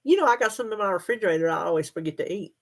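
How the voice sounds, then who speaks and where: Hosting a laid-back livestream, this woman talks in rapid-fire bursts with a medium-pitched, expressive voice. She goes through comments live, keeps the chat folksy and laughs a lot.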